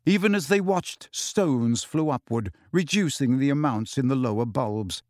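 A man reading a novel aloud as audiobook narrator in a measured storytelling manner. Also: medium pitch, dry recording, studio quality. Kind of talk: scripted narration.

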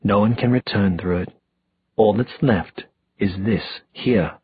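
A man's voice: lowish voice, measured pace, husky, no room sound, phone-quality sound. A man reading a cold, possessive villain.

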